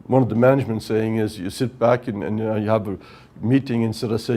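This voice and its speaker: Guy giving a workshop lecture, mellow voice, explains step by step, keeps saying right?. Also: on the low side, steady tone, quick pace. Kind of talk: technical lecture at whiteboard.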